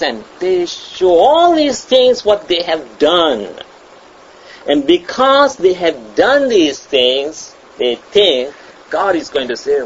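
A man preaches a sermon at an unhurried pace, slightly high in pitch, pressing his points and repeating phrases. The recording is dull and lo-fi, with a faint hum of ambient noise behind him. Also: very animated. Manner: emphatic, repeats and restarts phrases, acts out quoted voices.

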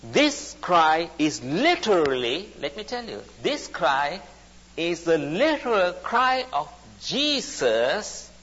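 A man's voice: on the high side, big pitch swings, slow, fairly bright tone, a little hiss or hum. A man preaching a sermon, speaking emphatically and repeating his phrases. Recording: dull recording in a reverberant hall.

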